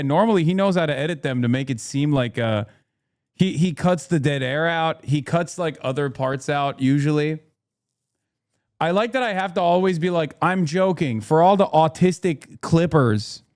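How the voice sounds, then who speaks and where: Brief: male streamer, casual and cutting, slightly high voice. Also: darkish tone. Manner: sarcastic, profane, casual. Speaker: streamer host. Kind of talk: live reaction commentary.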